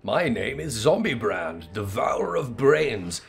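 A pompous gentleman inspector, dazed and grandly theatrical, declaiming with a gravelly edge, as a man puts him on. The voice swoops widely in pitch, all flourish and self-importance. Soft game music sits behind. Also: sing-song, slow, heavily acted. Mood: grandiose. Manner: grandiose, theatrical old-fashioned diction. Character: pompous, befuddled gentleman inspector turned zombie.

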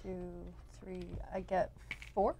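A woman's voice: lowish voice, flat delivery, slow pace, crowd noise. A woman playing a board game on a show, chatting in an easygoing way. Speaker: player. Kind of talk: casual board game chat.

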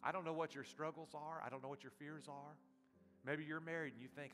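Impassioned preacher in a reverberant church. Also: male voice, fairly high pitch, brisk. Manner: impassioned preaching, surging loud then dropping soft. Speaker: pastor. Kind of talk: sermon. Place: church sanctuary. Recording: reverberant church hall with soft guitar.

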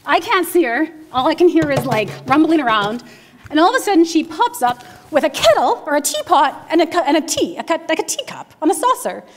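A woman's voice: sits high, big pitch swings, fairly quick, slight background noise. A woman in her forties, a minister giving a conversational sermon full of stories, who often laughs. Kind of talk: storytelling sermon. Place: church sanctuary.

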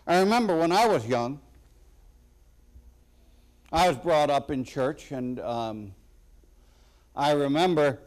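A man preaching a sermon as a pastor, slow and deliberate with sudden loud emphatic bursts. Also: on the high side.

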